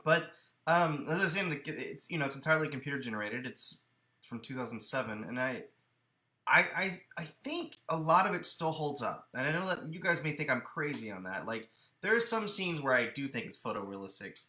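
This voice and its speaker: A man co-hosting a movie podcast in casual chat. He talks with animated energy and often restarts his sentences. His voice is bright and forceful, and it rings in an echoey room. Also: mid-range voice, a little fast. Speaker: podcast co-host. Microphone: headphones and studio mic.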